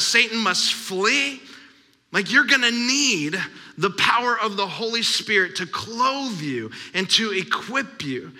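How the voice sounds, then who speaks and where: Pastor, man, 30s, high bright voice, emphatic sermon delivery in a long-reverb hall. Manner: preaching, emphatic, repetitive.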